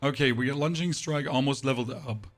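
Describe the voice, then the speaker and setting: A man live-streaming a game, chatting casually with his viewers in a flat, monotone delivery. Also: medium pitch, brisk. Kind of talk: casual live-stream chat while gaming.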